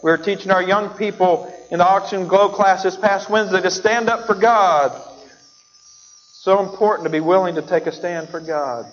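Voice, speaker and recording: A man's voice: high-pitched, normal speed, slight background noise. A man preaching a sermon as pastor, telling a story and acting out its characters. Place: church sanctuary. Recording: dull sound with a long hall reverb.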